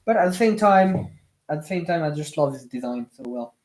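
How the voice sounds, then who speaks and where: Live-stream chat, building commentary, non-native English, halting, chatty, mid pitch. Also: lively intonation, a little mellow, a little hiss or hum. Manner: chatty, reads out and answers viewer comments; hesitant, many fillers and restarts.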